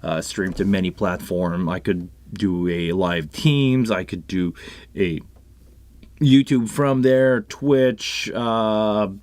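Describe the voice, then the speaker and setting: This French Canadian man has a fairly low-pitched, darkish voice and a slow pace. He hosts a casual live stream about sound gear, rambling with many restarts and asides into a live microphone on a console setup.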